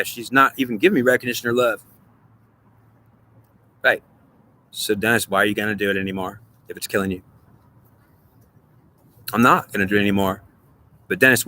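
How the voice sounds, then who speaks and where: A man's voice: lowish voice, fairly even intonation, a little fast, long pauses, bright, forceful tone. A man talking alone to the camera, playing both sides of an earnest, repetitive argument with himself. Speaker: vlogger. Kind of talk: solo monologue, arguing with himself in two voices.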